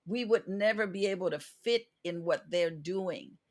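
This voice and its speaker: A woman's voice: fairly low pitch, measured pace, a little mellow. A woman hosting a podcast interview, an actress giving advice drawn from her own experience.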